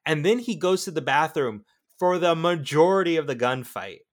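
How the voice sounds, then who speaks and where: A man co-hosting a podcast, chatting about a film in a relaxed, slightly hesitant way. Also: a little high, normal speed. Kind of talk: casual film review chat.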